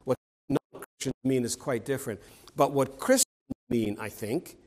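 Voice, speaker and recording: A man's voice: mid-range voice, moderate pace, darkish tone, rough recording. A man preaching a sermon in an earnest, emphatic way, stressing key words and often restarting phrases.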